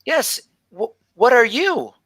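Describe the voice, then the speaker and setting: A man's voice: very high-pitched, sing-song, slow, fairly bright tone, husky, no echo, voice pushed up, full character voice. A man voicing a curious seven-year-old girl who stammers and repeats her words in a tabletop game. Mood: excited. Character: curious dreamy little human girl, about seven.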